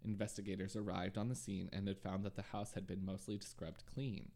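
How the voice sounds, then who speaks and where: A man hosts a true crime podcast and tells the case in a relaxed, conversational way, sprinkling in ums and side remarks. His voice is low and gravelly with plenty of vocal fry. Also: a little fast. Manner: relaxed narration with frequent ums and asides. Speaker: podcast host.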